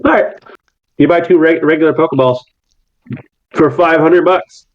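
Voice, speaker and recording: A man's voice: fairly high pitch, moderate pace, a little hiss or hum. A man narrating as game master, loose and chatty, with plenty of fillers, on slightly muffled audio.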